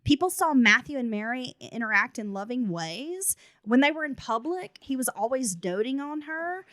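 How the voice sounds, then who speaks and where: A woman's voice: high voice, big pitch swings, moderate pace, fairly bright tone, no echo, studio quality. A woman hosting a true crime podcast. She narrates the case details and breaks in with blunt, casual asides. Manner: reads case notes, then adds blunt asides. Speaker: podcast host.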